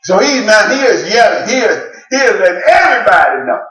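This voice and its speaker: Man, preacher, high voice, jokey storytelling, echoey hall, distant mic. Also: a little fast, slight background noise. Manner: animated storytelling with jokes and shouted exclamations. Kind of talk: sermon. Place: church sanctuary. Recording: roomy church sound from a distant mic.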